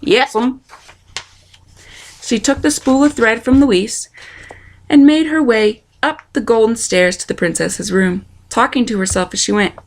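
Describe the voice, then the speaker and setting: A woman reading a children's novel aloud, expressive and speaking to the listener. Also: fairly high pitch, normal speed. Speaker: storytime reader.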